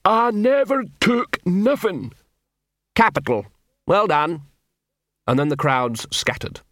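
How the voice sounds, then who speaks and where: Male narrator, wry and expressive, animated delivery, dead dry booth. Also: mid-range voice, no room sound. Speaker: audiobook narrator. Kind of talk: audiobook narration.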